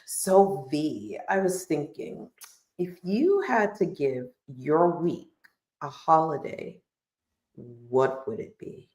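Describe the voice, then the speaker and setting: Playful woman co-host, slow and lively, echoey room sound. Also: low-pitched. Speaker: podcast co-host. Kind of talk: casual podcast chat.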